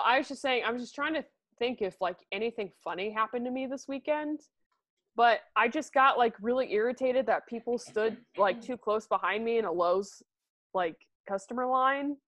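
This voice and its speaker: A woman in her twenties in casual chat with a friend, relaxed and swearing casually. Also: on the high side, normal speed.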